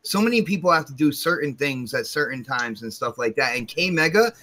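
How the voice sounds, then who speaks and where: A man's voice: mid-range voice, expressive, fairly quick, sharp tone, slight background noise, poor audio. A man co-hosting a casual gaming podcast, enthusiastic and rambling, often repeating words as he goes. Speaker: podcast co-host.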